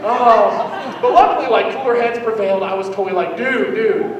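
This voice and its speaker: A man's voice: high voice, a little fast, far from the mic, highs cut off, some chatter behind, a little hiss or hum. A young man doing a rambling, self-deprecating stand-up routine. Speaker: stand-up comedian. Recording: echoey hall, mic heard from afar.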